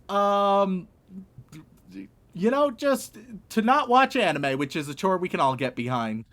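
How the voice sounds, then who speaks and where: A man's voice: high voice, fairly bright tone. A man co-hosting a casual comedy podcast, wry and profane as he hands out jokey tasks. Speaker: podcast co-host.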